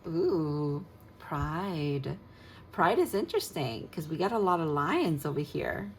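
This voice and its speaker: A woman's voice: low voice, very animated, takes it slowly, slight background noise, poor audio. A woman tarot reader talking through a casual spoken card reading, dreamy and gushing, rambling with fillers.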